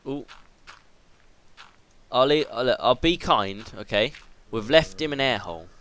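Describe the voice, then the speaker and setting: Teenage boy, gaming commentary, swears a lot, bouncy pitch, bright tone. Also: measured pace. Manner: excitable and sweary, yelps when startled. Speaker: gaming video host. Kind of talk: let's play commentary.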